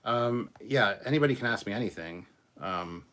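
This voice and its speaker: A man with a deep, low voice hosts a casual live stream, reading out viewer messages one by one. He talks in a loose, rambling way, with plenty of fillers and restarts. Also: animated, moderate pace, pushed and bright. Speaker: host reading super chats.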